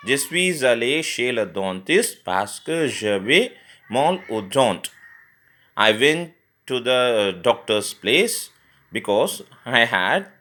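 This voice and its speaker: Male tutor, mid-pitched, halting explainer who spells verbs out letter by letter. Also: sharp tone. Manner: spells words letter by letter, frequent fillers and restarts. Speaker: French teacher. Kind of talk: grammar lesson explanation.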